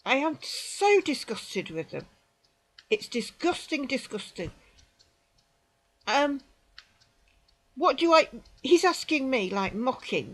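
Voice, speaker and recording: A British woman in her sixties, telling her own story to the camera in an emphatic, indignant way, repeating phrases and dropping into quiet asides. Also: sits high, very animated, slow, pauses often, low-quality recording. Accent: British English. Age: 60s. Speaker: vlogger recounting an experience. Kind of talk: indignant personal account to camera.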